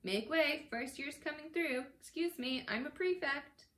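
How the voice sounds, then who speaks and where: A pompous teenage prefect barks officious orders, voiced by a woman reading aloud. His voice sits higher and louder than her narration, puffed up and bossy. The room adds a noticeable echo. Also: measured pace. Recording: echoey room.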